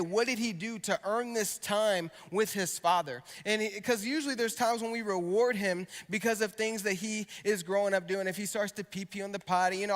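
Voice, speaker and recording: High-voiced young man preaching in a reverberant hall. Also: a bit bright. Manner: conversational preaching with storytelling asides. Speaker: youth pastor. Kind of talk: sermon to students.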